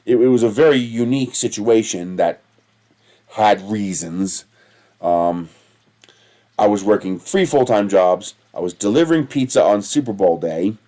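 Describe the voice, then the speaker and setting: A livestream host rambles through stories, digressing constantly, swearing a lot and laughing at himself. His voice is mellow and on the low side.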